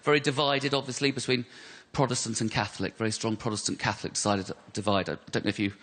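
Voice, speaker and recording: A man's voice: medium pitch, little pitch movement, fast talker, a bit bright. A middle-aged English man with a West London accent, doing a self-mocking stand-up set with mock-outraged rants in front of a live audience. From England. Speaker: stand-up comedian. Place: live comedy venue. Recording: noisy live comedy recording. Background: audience laughter.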